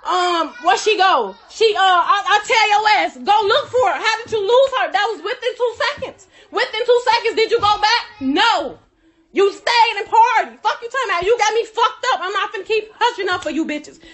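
A woman's voice: very high-pitched, expressive, normal speed, fairly bright tone. A woman delivering a heated, profane rant, cursing and laughing through her anger. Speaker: friend telling her side.

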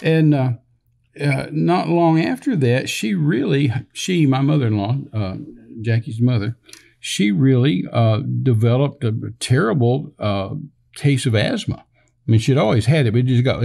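An older man with a gravelly, mellow voice tells a long personal story in a loose conversational way. He rambles, restarts his sentences and slips into the voices of people he quotes. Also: medium pitch, expressive, moderate pace. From Texas. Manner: rambling, many fillers and restarts, acts out quoted dialogue. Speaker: minister telling a story on a podcast.

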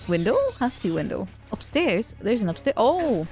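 A woman's voice: mid-range voice, big pitch swings, moderate pace, darkish tone, faint music behind. A woman streaming a stealth video game, chatting playfully with frequent giggles and stammered restarts. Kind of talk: live game commentary.

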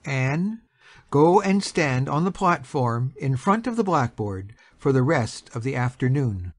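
A woman's voice: extremely low pitch, very animated, measured pace, full character voice. A woman voicing a stern, solemn male schoolteacher in an audio drama, speaking with heavy disapproval.

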